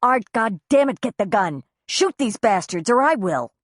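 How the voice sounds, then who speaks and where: A woman voicing a fierce, furious woman who yells and curses at intruders on her property. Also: extremely low pitch, lively intonation, measured pace, no echo, studio quality, voice pushed down, exaggerated voice. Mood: yelling. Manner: yelling, cursing, sharp.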